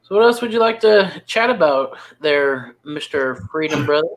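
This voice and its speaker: Teasing co-host man, slightly high voice. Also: expressive, normal speed, poor audio. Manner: joking, teasing banter. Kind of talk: casual live-stream chat.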